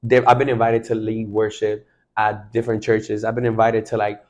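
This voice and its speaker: A man's voice: fairly low pitch, little pitch movement, moderate pace, a little mellow, muffled recording. A man, a worship leader guest on a faith podcast, speaking with fervent, preacher-like exclamations.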